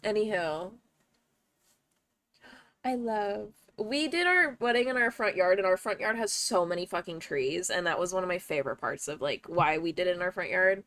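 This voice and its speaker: A woman's voice: fairly low pitch, animated, normal speed, a bit bright. A young woman streaming from home, chatting casually with her viewers, swearing freely and breaking into laughter. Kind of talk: casual livestream chat.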